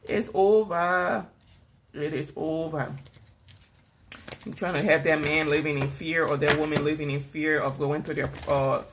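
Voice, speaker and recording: A woman's voice: deep voice, a little hiss or hum. A woman doing a spiritual tarot reading, scolding and sassy, calling people girl and laughing between lines. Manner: addresses the viewer as girl. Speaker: tarot reader.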